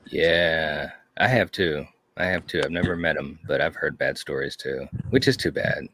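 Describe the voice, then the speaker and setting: A man's voice: rumbling low, normal speed, a bit bright, a little hiss or hum. A man co-hosting a casual chat, telling stories with enthusiasm and lots of "you know". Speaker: podcast co-host.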